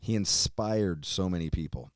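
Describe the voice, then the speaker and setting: A man hosting a show, giving an emotional tribute while on the verge of tears, swearing often and trailing off quietly. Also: low-pitched, normal speed, no room sound, clean studio sound. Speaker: host.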